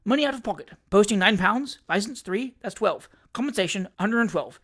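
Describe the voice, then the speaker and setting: A clipped, terse young schemer, as a reader puts him on for an audiobook, who bargains in short, cool bursts. His voice jumps about in pitch. He is curt and unmoved. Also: animated, a little fast, fairly bright tone. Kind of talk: audiobook character reading.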